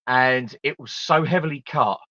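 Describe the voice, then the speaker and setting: A man hosting a casual film chat on a live stream, chatty and animated as he recalls movie scenes. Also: medium pitch, normal speed, dry recording. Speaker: host. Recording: dry, muffled stream audio.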